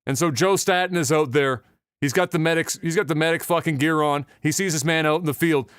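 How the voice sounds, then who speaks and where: A man's voice: a little high, steady tone, a little fast, fairly bright tone, clear, resonant tone, no echo, studio quality. A man hosting a podcast, telling profane comic stories in casual chat. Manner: profane, storytelling. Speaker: podcast host.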